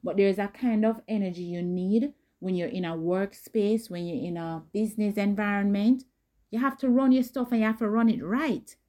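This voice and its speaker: Mellow-voiced woman giving blunt dating advice. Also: fairly even intonation, normal speed. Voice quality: not high or squeaky. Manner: direct, emphatic, conversational with quoted asides. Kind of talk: casual advice talk.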